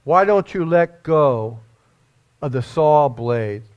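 A man preaching a sermon in a church, giving an emotional testimony that rises suddenly into loud, high bursts. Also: expressive, takes it slowly. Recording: dull lo-fi recording.

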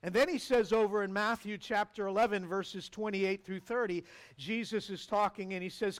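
A man's voice: high voice, steady tone, moderate pace. A man preaching a sermon as pastor, earnest and conversational, with rhetorical asides to the congregation.

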